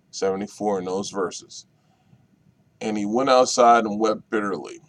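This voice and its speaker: Brief: male minister at a Bible study, reading a passage then unpacking it, measured and repetitive. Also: mid-range voice, vocal fry. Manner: slow, deliberate, repeats key phrases. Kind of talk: reading and explaining scripture.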